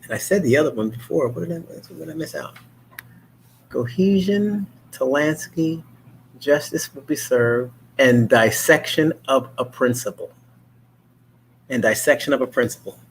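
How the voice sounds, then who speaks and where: A man's voice: medium pitch, moderate pace, vocal fry, a little hiss or hum. A man hosting his own talk show, chatting in a casual, rambling monologue full of fillers and restarts. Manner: mimics others' voices in animated quotes.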